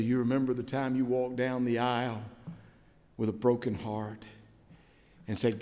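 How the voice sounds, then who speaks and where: A middle-aged man preaching a sermon as pastor, telling stories and swinging from hushed prayer to loud exclamations. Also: medium pitch, fairly even intonation, moderate pace. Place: church sanctuary. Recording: long hall reverb in a church.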